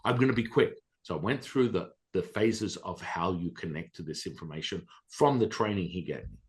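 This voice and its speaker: A man with a deep, low voice recounting a story as a podcast guest. His delivery is animated and excitable, with a lively pitch that jumps around, and he swears casually. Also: normal speed.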